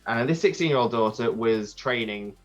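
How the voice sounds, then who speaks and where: A man, a podcast guest telling a rambling, animated story with many restarts. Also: mid-range voice, normal speed, dull audio, soft background music. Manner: animated, acts out crowd voices. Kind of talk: casual storytelling.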